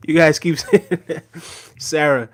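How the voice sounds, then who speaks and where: A man hosting a casual livestream, reading out viewer comments and talking back in a laid-back way, often tagging sentences with "right?". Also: on the high side. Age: adult with a daughter.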